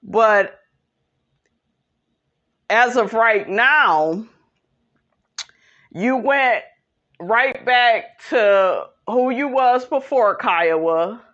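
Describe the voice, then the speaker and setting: A woman's voice: fairly high pitch, animated, very slow, long pauses, fairly bright tone, dull audio. A young woman hosting a casual reality TV recap, opinionated and sassy, who keeps calling her viewers "honey" and speaks. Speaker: recap host.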